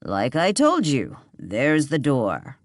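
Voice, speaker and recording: A narrator voicing an irritable, bitter man who snaps and answers with sarcasm, slow and animated. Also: mid-range voice, dry recording, clean studio sound, exaggerated voice. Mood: irritated. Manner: snapping, sarcastic.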